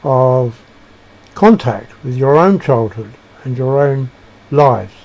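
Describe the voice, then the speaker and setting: A man giving a reflective monologue, halting and searching for words with frequent restarts. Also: medium pitch, lively intonation, darkish tone. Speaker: speaker sharing personal beliefs.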